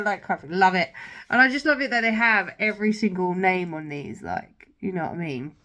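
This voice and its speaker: A woman's voice: medium pitch, very animated, fast talker, bright, forceful tone. A young woman, casually showing old children's books to her viewers in a chatty, gushing way with lots of filler words. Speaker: vlogger. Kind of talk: casual book show-and-tell.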